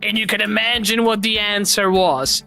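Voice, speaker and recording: A woman streamer giving loud, playful commentary over a party game, laughing and swearing freely as she goes. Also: medium pitch, fairly even intonation, moderate pace, faint music behind.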